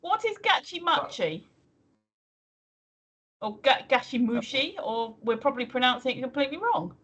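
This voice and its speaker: A woman's voice: high-pitched, big pitch swings, moderate pace, fairly bright tone, breathy edge. A woman co-hosting a livestream in casual chat, chatty and giggly, reading viewer messages aloud. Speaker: co-host of a livestream.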